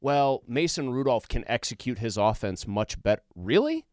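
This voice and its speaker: A man's voice: mid-range voice, lively intonation, normal speed, a little mellow, dry recording, clean studio sound. A man co-hosting a casual sports talk show, arguing his points emphatically. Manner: emphatic, argumentative. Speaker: sports podcast co-host.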